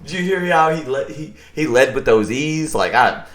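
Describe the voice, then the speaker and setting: Laid-back, profane young podcast host. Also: male voice, medium pitch, expressive, normal speed, slight background noise. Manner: loose, profane, laughs often. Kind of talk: casual podcast chat.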